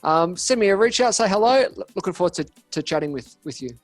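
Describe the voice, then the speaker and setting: A man's voice: sits high, fast, no room sound, faint music behind. An Australian man, a podcast guest, talking casually and telling stories with energy, acting out the voices of the people he quotes. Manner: energetic storytelling, acts out quoted dialogue. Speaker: podcast guest, business coach. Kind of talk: casual interview talk.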